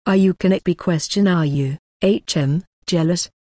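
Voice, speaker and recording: A young man holds back fury in hard, cold, clipped words, as a woman reads him. The voice is fairly low. The sound is dry and close. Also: normal speed, darkish tone, dry recording, lightly acted. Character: young man, furious and tightly restrained. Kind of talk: audiobook character reading.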